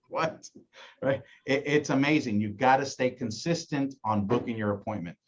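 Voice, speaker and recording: A man's voice: medium pitch, measured pace. A man coaches his team in a casual meeting and acts out phone calls as he goes. His voice sits mid-range and he keeps asking "right?" to check his listeners are with him. The audio is a little muffled and lo-fi. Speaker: insurance agency director. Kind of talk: casual training talk.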